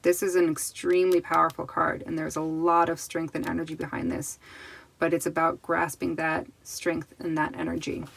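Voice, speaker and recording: A woman gives a tarot card reading straight to the camera in a relaxed, chatty way. Her voice sits a little low, and she reassures the viewer as she lays out each card. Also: normal speed, vocal fry, poor audio. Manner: chatty and reassuring, with restarts and laughs.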